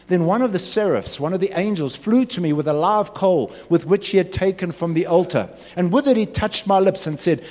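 A man preaching a sermon in an animated way, acting out voices and jokes. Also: fairly high pitch, normal speed. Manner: animated, acts out voices and asides. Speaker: pastor. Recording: echoey hall.

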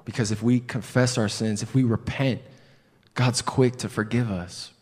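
A man's voice: mid-range voice, steady tone, moderate pace, darkish tone, husky. Man preaching a sermon in a reverberant hall. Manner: conversational storytelling with rhetorical questions.

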